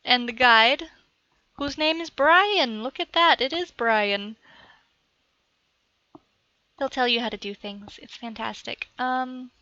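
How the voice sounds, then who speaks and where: Slow-talking bright woman rambling through a game tutorial. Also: on the high side, dry recording, lo-fi sound. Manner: chatty, self-narrating, talks aside to her cat. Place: at home at a computer.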